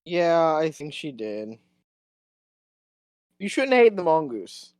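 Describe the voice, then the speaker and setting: Deadpan co-host, teasing, casual chat, mid pitch, dry close sound. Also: slow pace, clear, resonant tone, dry recording. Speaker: podcast co-host.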